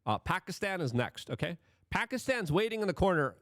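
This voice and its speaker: An animated man delivering commentary to camera, his pitch swinging widely as he presses rhetorical questions. The sound is dry and close, with no room around it. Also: fairly quick, no room sound. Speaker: political commentary host.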